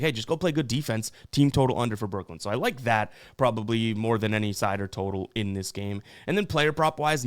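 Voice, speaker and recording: A man's voice: mid-range voice, smooth. A young man hosting a sports betting show, casually talking through picks with loose fillers and restarts.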